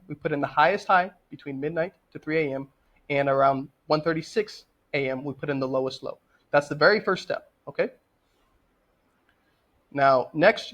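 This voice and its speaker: Male trading tutor, fairly high voice, plain instructive delivery for a screen-share lesson. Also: fairly bright tone. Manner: direct, instructive, checks in with "okay?". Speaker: trading educator.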